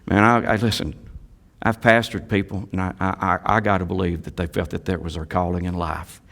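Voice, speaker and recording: A male pastor preaching a sermon, swinging from quiet asides to loud exhortations and repeating key phrases for emphasis. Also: deep voice, level tone, a little fast, gravelly.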